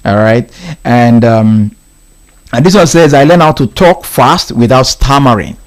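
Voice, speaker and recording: A man's voice: mid-range voice, expressive, a little slow. A man hosting a casual radio live stream, reading listener answers aloud with frequent laughs and repeats. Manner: amused, laughing often, repeats lines. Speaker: radio host.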